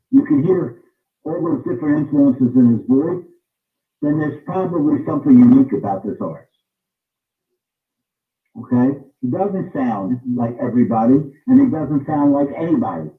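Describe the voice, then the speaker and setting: A man's voice: medium pitch, expressive, normal speed, long pauses, far from the mic. A man in an interview, explaining what he looks for in singers in an emphatic way, repeating his points for stress. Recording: tinny phone-like sound, roomy, off-mic.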